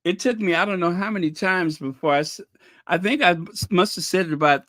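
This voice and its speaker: A man's voice: sits high, brisk, fairly bright tone, no echo, clean studio sound. A man hosting a casual livestream, reading viewers' messages aloud in a chatty, apologetic way and laughing nervously. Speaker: channel host reading live chat.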